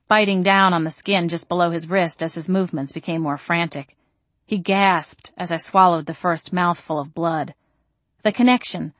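A woman reading a first-person novel aloud in a calm, measured audiobook narration. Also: lowish voice, no room sound.

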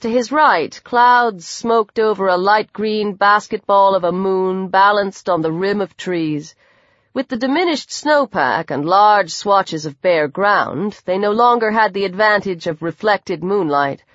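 A woman narrating an audiobook in a measured, steady read. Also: medium pitch, dry recording. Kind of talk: scripted narration. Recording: dry, dull lo-fi recording.

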